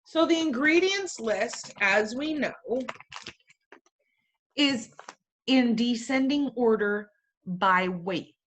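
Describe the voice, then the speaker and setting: A woman's voice: fairly high pitch, lively intonation, takes it slowly, pauses often, fairly bright tone, slight background noise. A woman teaching a class in a playful way, firing questions at her students and tossing in jokey asides. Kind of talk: classroom lecture.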